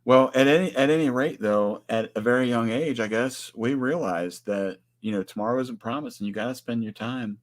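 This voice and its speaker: A man's voice: mid-range voice, normal speed, hardly any pauses. A man in his forties co-hosting a casual livestream, speaking earnestly and greeting viewers by name. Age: 40s. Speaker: livestream co-host.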